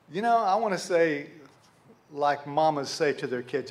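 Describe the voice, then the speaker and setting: Animated, high-voiced preacher. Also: male voice, moderate pace. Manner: animated, rhetorical questions, addresses congregation directly. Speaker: pastor. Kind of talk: sermon.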